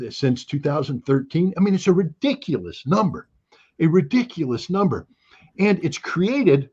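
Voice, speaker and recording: An older man gives an interview in an animated, sarcastic manner and restarts his sentences often. His voice is husky and pitched a little above most men's. The recording sounds dull and lo-fi. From United States. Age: 60s. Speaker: interview guest. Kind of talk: opinionated interview talk.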